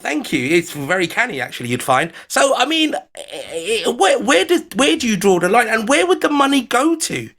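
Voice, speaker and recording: A man's voice: extremely high pitch, very animated, normal speed, a bit bright. A man with an English accent, a guest on a talk show, chatting in a rambling, playful way. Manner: rambling, playful, full of asides. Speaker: foreign correspondent guest. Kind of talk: casual conversation.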